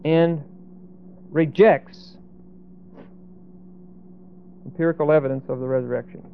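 A man's voice: fairly high pitch, fairly even intonation, moderate pace, gravelly. A man teaching a Bible passage in an explanatory, emphatic way, often checking in with "okay?" and "see?". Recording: tinny phone-like lo-fi sound.

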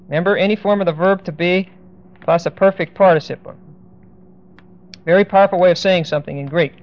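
A man teaching a verse-by-verse Bible lesson, speaking deliberately and with emphasis, stopping now and then to look up verses. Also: high-pitched. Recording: dull lo-fi recording.

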